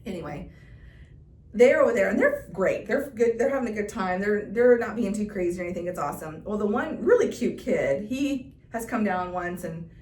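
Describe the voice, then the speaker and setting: A woman's voice: medium pitch, expressive, moderate pace, a little mellow. A middle-aged woman co-hosting a podcast, telling a story in casual chat, laughing often and acting out quotes. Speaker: podcast co-host. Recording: roomy sound, distant mic, faint noise.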